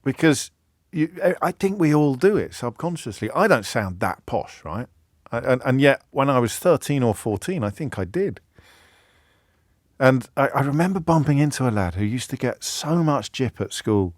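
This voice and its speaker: A man hosts a radio phone-in in a rambling, animated way, full of restarts and asides. His voice sits at an ordinary middle pitch. The studio sound is close and dry, with no room around it. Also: no echo. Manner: rambling, self-interrupting, animated storytelling. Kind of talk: talk radio monologue and call. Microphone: studio microphone.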